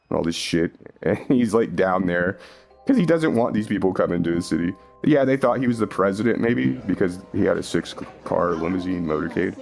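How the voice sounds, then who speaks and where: A man's voice: on the low side, lively intonation, brisk, vocal fry, darkish tone, faint music behind. A man from the northern United States ranting angrily into a phone, swearing heavily and laughing between lines. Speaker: vlogger. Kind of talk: angry profane rant.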